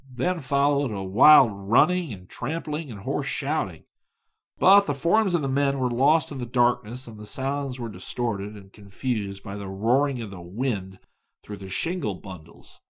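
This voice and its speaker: A man reading a travel story aloud in measured audiobook narration. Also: medium pitch, expressive.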